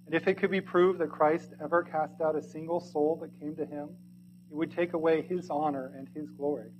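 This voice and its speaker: A man reading a sermon aloud in archaic English, earnest and pleading, swinging from loud to hushed. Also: fairly high pitch, fairly even intonation, a little fast, noisy background.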